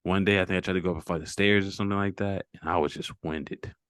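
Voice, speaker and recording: A man's voice: sits low, fairly even intonation, quick pace, fairly bright tone, smooth, dry recording, clean studio sound. A man hosting a casual fitness check-in over a video call, encouraging and affirming his guest often. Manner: encouraging, lots of "mm-hmm" affirmations. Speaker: fitness coach and host.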